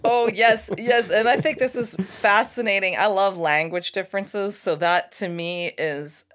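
A woman's voice: medium pitch, fairly even intonation, measured pace, fairly bright tone. An American woman hosting an interview, chatty and enthusiastic, speaking as a voice teacher. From United States. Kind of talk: casual interview chat.

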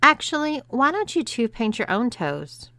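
A woman's voice: on the high side, big pitch swings, moderate pace, bright, forceful tone, no echo, pitched above the performer's own voice, heavily acted. Woman voicing a mocking domineering wife. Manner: mocking, ordering.

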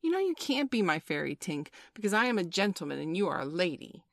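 A woman reading a storybook aloud, voicing a merry, boastful young boy in a raised, lively voice. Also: fairly low pitch, fast talker, dry recording, clean studio sound. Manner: bright boyish storybook voice, lively and proud.

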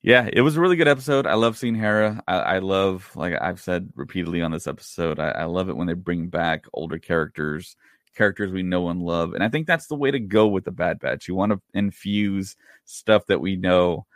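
A man's voice: deep voice, fairly quick, dry recording, clean studio sound. A man chatting casually as a podcast co-host, sharing trivia with enthusiasm. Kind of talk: casual fan chat.

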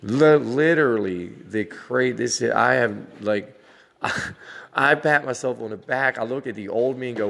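A vlogger dad in his forties rants casually to camera for his viewers, blunt and swearing heavily, with the occasional laugh. His mid-range, slightly bright voice has vocal fry and a measured pace, recorded in a large hall with a bit of hiss or hum.

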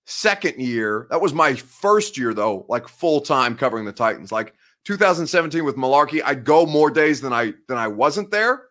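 His voice sits a little high, sounding pushed and bright. The man, around thirty, is a podcast host and sports reporter rambling through casual live-show chat and viewer comments, often cutting himself off and laughing frequently.

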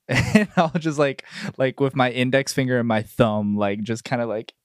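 A man's voice: mid-range voice, normal speed, clear, resonant tone, dry recording, clean studio sound. A man playing a tabletop game in a playful, jokey way. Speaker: player.

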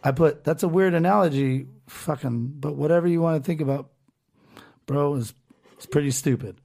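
A man's voice: a little high, normal speed, creaky, darkish tone. Ranting, profane podcast host, a man. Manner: profane, ranting, reads comments aloud. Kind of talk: casual podcast chat.

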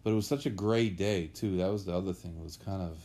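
A man's voice: low-pitched, fast talker, mellow. A man chatting casually on a podcast as a guest, telling rambling, anecdotal stories about horse racing.

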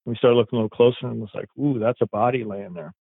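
A man's voice: medium pitch, fairly even intonation, fast talker, slightly rough, dry recording. Man telling a story over a tinny line. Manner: rambling, acts out quoted dialogue. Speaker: police K9 handler. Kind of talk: casual storytelling. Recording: tinny phone-like line, dry.

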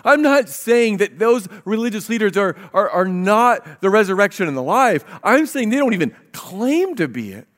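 Pastor guy preaching, kinda high voice, earnest, reads verses out, stumbles and repeats words a lot. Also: big pitch swings, moderate pace, hardly any pauses, fairly bright tone. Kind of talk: sermon.

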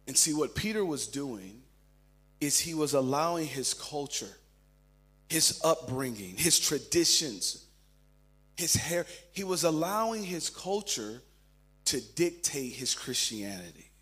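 A man preaching a sermon as pastor, telling stories and shifting between loud and hushed delivery. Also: fairly high pitch, lively intonation, unhurried, slightly rough.

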